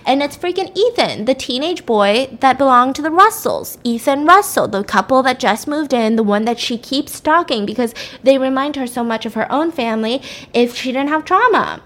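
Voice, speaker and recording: Young woman, fairly high-pitched, chatty and animated, casual storytelling, joking asides. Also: normal speed. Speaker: storyteller recapping a plot. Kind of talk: casual chat.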